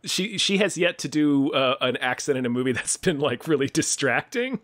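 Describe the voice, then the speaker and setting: A man's voice: on the high side, animated, moderate pace, fairly bright tone, no echo. A man co-hosting a podcast, making wry, profane jokes in casual chat about films. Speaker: podcast co-host.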